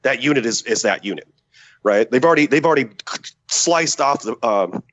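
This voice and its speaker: A man's voice: medium pitch, normal speed, lo-fi sound. Profane storytelling man. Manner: profane, animated, acts out quotes. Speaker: podcast guest, former special forces soldier. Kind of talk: casual storytelling.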